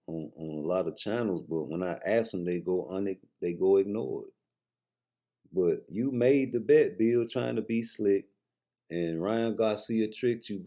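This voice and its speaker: A man's voice: low-pitched, dark tone. A man giving a blunt, slangy boxing commentary rant straight to his viewers, with profanity.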